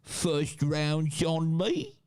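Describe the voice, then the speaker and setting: A man's voice: a little high, big pitch swings, extremely slow, darkish tone, clean tone, voice pushed up, full character voice. A man voicing a slangy, chummy British pub bloke as a mocking caricature.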